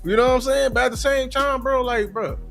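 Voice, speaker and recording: A man co-hosting a sports podcast, animated and slangy, asking rhetorical questions. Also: very high voice, fairly quick, gravelly, soft background music. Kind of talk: casual sports talk.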